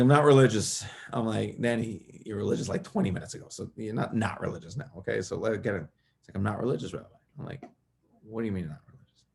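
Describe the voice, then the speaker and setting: A man speaking as a guest rabbi, telling a story in a lively way that builds to a raised, passionate voice. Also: on the low side, gravelly. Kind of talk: storytelling talk.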